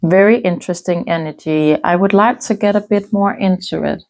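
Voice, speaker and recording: A woman giving a casual tarot reading, musing aloud with soft hums and restarts as she turns the cards. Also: on the low side, normal speed. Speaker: tarot reader.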